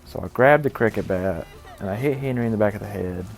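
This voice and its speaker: A man's voice: lowish voice, fast, vocal fry. A man telling a rambling, distracted comic story while commenting on gameplay. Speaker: gaming channel host.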